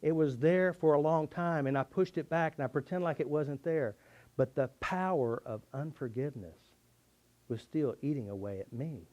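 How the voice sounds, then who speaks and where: A man's voice: on the high side, moderate pace, darkish tone, dull audio. A middle-aged man teaching a tapping therapy method, telling a personal story in an earnest, confessional way. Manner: earnest, confessional, with shifting emphasis.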